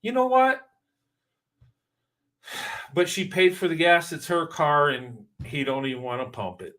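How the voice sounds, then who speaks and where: A man's voice: fairly high pitch, lively intonation, moderate pace, pushed and bright. A man hosting a reaction video, giving casual commentary in an emphatic, preachy way and repeating points for stress.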